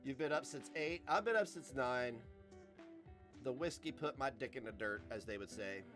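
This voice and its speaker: A man's voice: medium pitch, lively intonation, moderate pace, over music. A man live-streaming, chatting loosely with viewers, joking and laughing often as he reads chat aloud.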